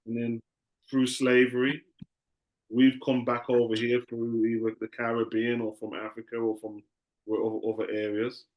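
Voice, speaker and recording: A man's voice: medium pitch, monotone, moderate pace, darkish tone. A man teaching a class in a loose, conversational way, often repeating himself.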